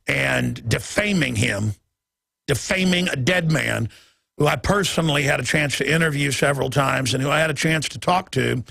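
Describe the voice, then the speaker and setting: A man's voice: mid-range voice, vocal fry, a bit bright, breathy edge, dry recording, clean studio sound. A man hosting a talk radio show, delivering an emphatic, rambling monologue full of restarts.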